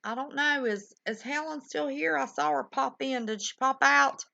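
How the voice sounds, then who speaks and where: A woman's voice: high-pitched, moderate pace, vocal fry, sharp tone. Folksy woman hosting a livestream. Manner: folksy, chatty, affectionate with callers. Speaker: livestream show host. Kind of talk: casual live-stream chat. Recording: dull lo-fi stream audio.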